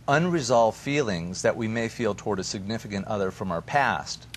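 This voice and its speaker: A man as a therapist guest on a TV talk show, giving relationship advice in an animated, storytelling way. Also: lowish voice, normal speed, slight background noise. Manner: animated storyteller who acts out quoted voices.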